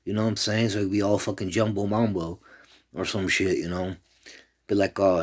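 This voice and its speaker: A man's voice: sits low, flat delivery, normal speed. A man rambling in a loose, profane monologue, jumping from one complaint to the next.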